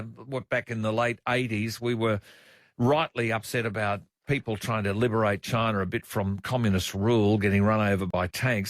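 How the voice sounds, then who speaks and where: An Australian man hosting a political interview, talking in a conversational way with indignant, animated emphasis. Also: medium pitch, dry recording, studio quality. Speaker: interviewer, host.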